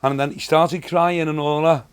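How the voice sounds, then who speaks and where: Older man, Liverpool accent, comedian, chatty storyteller, slightly high voice. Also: steady tone, normal speed, clean tone. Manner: anecdotal, chatty, rambling. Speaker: comedian guest. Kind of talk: casual storytelling.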